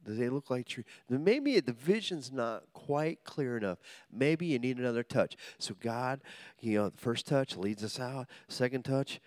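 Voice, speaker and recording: Pitch constantly rising and falling, this pastor's sermon has a swooping, animated feel at a moderate pace. Funny stories, acted-out voices, and repeated call-and-response keep the congregation involved, all captured in a dry, close recording with no room ring.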